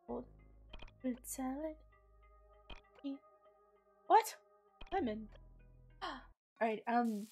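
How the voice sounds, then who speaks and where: A young woman streamer with a hoarse, sick voice, chatting casually and swearing as she plays. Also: medium pitch, darkish tone. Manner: chatty, swears freely, thinks aloud. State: hoarse from sickness and morning voice. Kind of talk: casual gameplay commentary.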